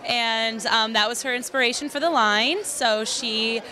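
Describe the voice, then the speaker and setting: A woman explains where her company's name comes from. Her voice is bright and a little high. She sounds slightly distant from the microphone. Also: unhurried. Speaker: company operations manager.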